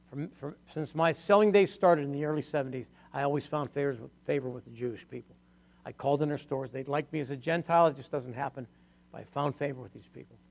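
Gravelly older male pastor. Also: mid-range voice. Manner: chatty, laughing, acts out quoted voices. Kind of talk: storytelling sermon testimony.

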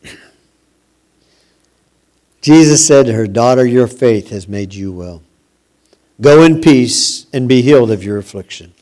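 A man preaching a sermon, slow and emphatic, repeating phrases and letting his voice drop at the ends of lines. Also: medium pitch, expressive, darkish tone.

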